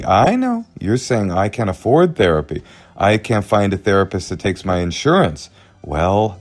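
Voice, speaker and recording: Host-read ad, man, low pitch, punchy delivery over faint music. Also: darkish tone. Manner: emphatic, direct, conversational pitch. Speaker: podcast host reading an ad.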